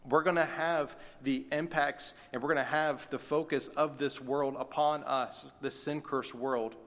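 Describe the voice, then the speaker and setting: A man's voice: medium pitch, steady tone, unhurried, fairly bright tone. A man preaching a sermon as pastor, conversational, with folksy asides. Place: church sanctuary. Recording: long reverb of a church hall.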